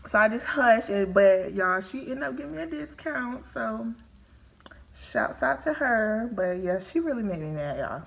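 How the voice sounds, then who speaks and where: Through a phone or webcam with lo-fi sound, a woman with a mid-range voice casually tells a story while eating on a live stream. She's animated and chatty, speaking to her viewers as y'all.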